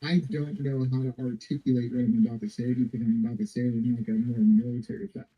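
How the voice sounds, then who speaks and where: A man's voice: mid-range voice, little pitch movement, fast talker, slightly rough, dull audio. A man hosting a live stream in casual chat, talking in a heated, rambling, heavily profane way. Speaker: streamer host.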